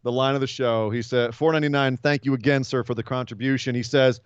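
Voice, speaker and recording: A man co-hosting a wrestling podcast in casual chat, animated and sarcastic. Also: quick pace, clear, resonant tone, no room sound, muffled recording. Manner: animated, sarcastic, swings up in pitch when exasperated. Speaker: podcast co-host.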